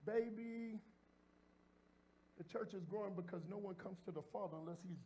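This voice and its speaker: High-voiced man preaching a sermon. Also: moderate pace, noisy background. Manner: emphatic, repeats phrases and builds to shouting; addresses the congregation directly and informally. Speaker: pastor. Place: church sanctuary before a congregation.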